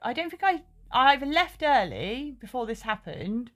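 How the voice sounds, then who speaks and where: A woman's voice: high-pitched, sing-song, normal speed, fairly bright tone. A woman, a podcast co-host telling stories in casual chat, swearing freely. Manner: swears a lot, tells stories animatedly.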